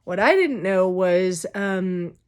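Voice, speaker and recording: A woman's voice: lowish voice, lively intonation, takes it slowly, clean tone. A woman vlogger telling a personal story in a casual, candid way, full of "um" and "like". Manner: chatty, full of fillers like "um" and "like"; candid, openly emotional.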